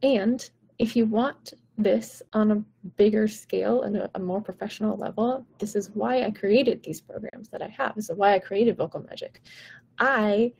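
A woman's voice: medium pitch, normal speed, vocal fry, darkish tone, husky. A woman vocal coach giving casual, encouraging advice to viewers on a live stream, chatty and full of "like" and "right?".

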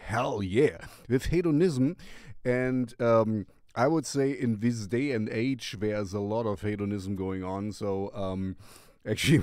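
A man hosts a music recommendation show and chats casually about a song. He talks in a hesitant, rambling way, full of fillers and restarts, in a slightly low voice. The sound is dry and close. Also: darkish tone, dry recording. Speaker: radio-style music show host. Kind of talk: casual song review commentary.

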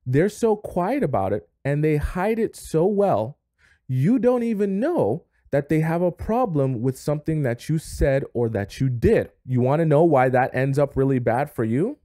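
A man rants dating advice to camera, hammering points with repeated phrases. His voice is dark and mellow, recorded close and dry with no room sound. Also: medium pitch, dry recording. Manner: emphatic, lecturing, repetitive. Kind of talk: direct-to-camera advice rant.

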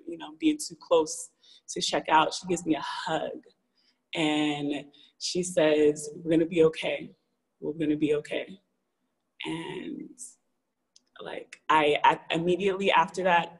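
A woman's voice: deep voice, gravelly, husky, rough recording. A young adult woman telling a personal story on a live call, rambling with many fillers and restarts. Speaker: caller sharing a story on a live show. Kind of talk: casual storytelling.

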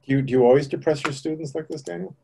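A man's voice: a little high, very fast, gravelly, warm tone, slight background noise. A male professor guest making brief dry, teasing remarks.

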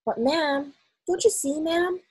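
A woman's voice: high voice, takes it slowly, a little mellow, dry recording, voice pushed up. A woman voicing a nervous young maid who speaks in a quivering, deferential way, in a storybook reading. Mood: anxious. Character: young maid, timid and anxious.

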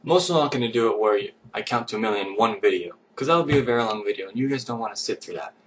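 A man's voice: fairly low pitch, lively intonation, rapid-fire. A man talking casually to camera in a vlog, goofy and self-mocking, rambling from one idea to the next. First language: English. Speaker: vlogger. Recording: distant mic with faint noise.

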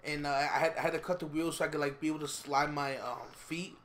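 A man telling his side of a story in casual chat, halting and restarting, with lots of fillers. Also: a little high, little pitch movement, a bit bright, a little hiss or hum. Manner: halting, stammering, many fillers.

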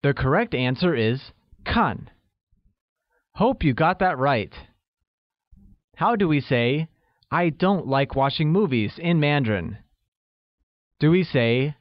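A man narrating a scripted language lesson, saying example words slowly and carefully and asking quiz questions. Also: a little high, animated, dry recording, highs cut off. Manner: slow, careful delivery with drawn-out example words. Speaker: language teacher.

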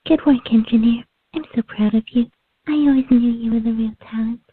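A woman's voice: a little high, fairly even intonation, fairly quick, breathy edge, dry recording. A woman playing an encouraging voice coach, giving a lesson in a played-in clip. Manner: encouraging, instructive. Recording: phone-like radio audio.

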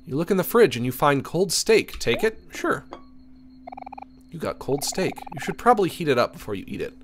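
A man's voice: fairly high pitch, big pitch swings, normal speed, slight background noise. A man streaming a game, reading its text aloud and joking between laughs. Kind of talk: casual let's-play commentary.

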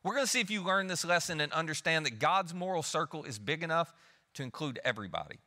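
A man voicing a patient male teacher who calmly and gently challenges his friends, inside a sermon. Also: a little high, quick pace. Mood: coaxing. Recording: long reverb of a church hall.

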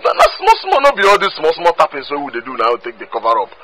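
A blunt Nigerian friend. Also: male voice, a little high, huge pitch swings, very fast, bright, forceful tone, slight background noise, heavily acted. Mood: advising. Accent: Nigerian Pidgin. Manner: blunt, mocking. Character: blunt young male friend giving advice.

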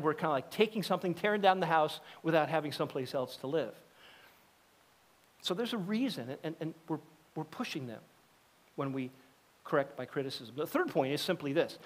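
A middle-aged man preaching a sermon as a pastor, talking conversationally and acting out the voices of people in his stories. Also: on the high side. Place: church sanctuary.

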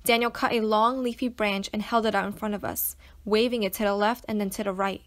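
A woman reading a children's novel aloud to schoolchildren, with an expressive storytelling manner. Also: mid-range voice, brisk. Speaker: teacher reading to students.

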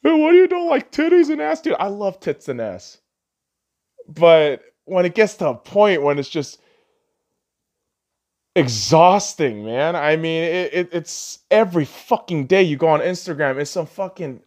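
A man's voice: fairly high pitch, big pitch swings, measured pace, a little mellow. A young man hosting a solo podcast, ranting profanely and arguing back at himself. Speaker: podcast host.

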